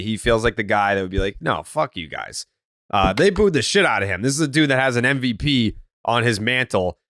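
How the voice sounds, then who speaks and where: A man hosting a sports podcast in casual, animated chat, ranting and swearing. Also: mid-range voice, no room sound, studio quality. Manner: animated, profane, rants in put-on quotes. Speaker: podcast host.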